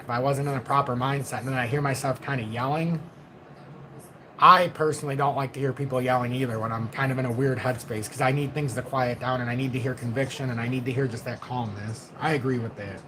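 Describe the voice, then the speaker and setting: A middle-aged man hosting a casual livestream from home, reading viewer comments in a deliberately low, calm voice. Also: noisy background. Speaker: livestream host.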